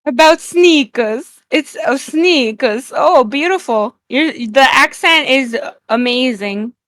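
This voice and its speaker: A woman chatting playfully on a stream, excitable and teasing, firing off quick questions. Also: high-pitched, dry recording. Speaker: guest streamer.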